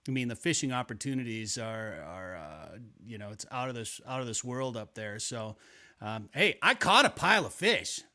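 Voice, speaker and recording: A man hosts a casual podcast chat. His voice is bright and forward, and he rambles through stories with plenty of restarts. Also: mid-range voice, sing-song, moderate pace. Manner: rambling storytelling with many restarts. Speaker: podcast host. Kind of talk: casual conversational interview.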